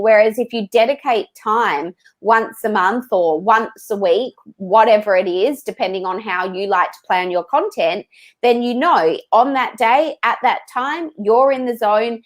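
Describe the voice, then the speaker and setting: Lively woman, higher voice. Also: normal speed. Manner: lively, emphatic, acts out quoted thoughts. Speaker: podcast guest, Instagram expert. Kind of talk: casual interview answers.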